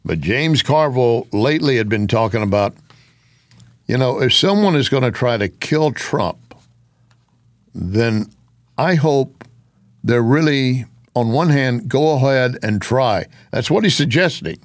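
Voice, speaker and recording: A man's voice: medium pitch, lively intonation, measured pace, no room sound. Man, political commentator, opinionated, sarcastic, dry close sound.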